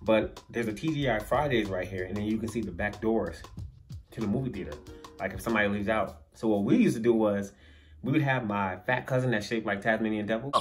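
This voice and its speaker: With faint music behind him, a young vlogger talks a little fast in a lowish voice as he shares a funny story from his own life. The story-time monologue is casual and slangy, and he laughs along the way.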